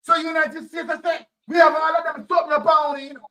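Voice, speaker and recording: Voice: high-pitched, flat delivery, fast talker, bright, forceful tone, recorded from a distance, low-quality recording. A political commentator with a Jamaican accent, talking emphatically and repeating phrases in Jamaican Patois. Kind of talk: impassioned commentary.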